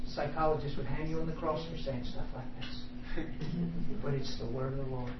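A man's voice: on the high side, fairly even intonation, a little fast. Man preaching his testimony in a hall. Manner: swings from hushed confession to loud laughing exclamations. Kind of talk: sermon testimony. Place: church hall. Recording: echoey, distant, dull sound with noise.

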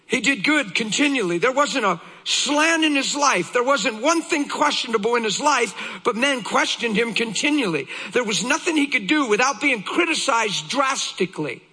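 A man preaching a sermon with passion, often shouting, then dropping low and slow. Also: lively intonation, husky. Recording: long hall reverb.

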